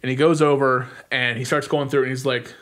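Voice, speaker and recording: Young man animatedly recapping a movie. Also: medium pitch. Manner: animated retelling with frequent "like" fillers and quick acted-out lines. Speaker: podcast co-host.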